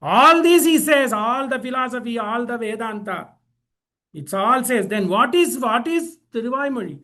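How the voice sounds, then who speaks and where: A man, a professor, giving an emphatic spiritual lecture and chanting scripture verses in quick bursts. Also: extremely high pitch, animated, pushed and bright.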